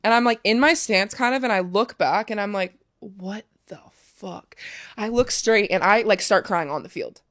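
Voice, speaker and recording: A woman's voice: medium pitch, brisk, few pauses, a bit bright. A young woman, a professional soccer player, candidly telling a story in a casual interview, swearing freely and saying "like" a lot.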